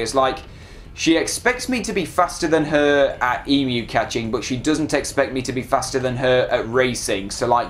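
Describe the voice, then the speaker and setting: A man giving casual, excitable commentary while playing a video game and talking back to it. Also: mid-range voice, a little hiss or hum. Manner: chatty, excitable, self-deprecating, talks to the game. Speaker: let's play gamer.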